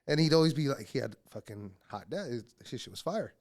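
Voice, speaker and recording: A man guesting on a podcast, telling stories in casual chat, heavily profane and animated, often slipping into the voices of people he quotes. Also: mid-range voice, brisk.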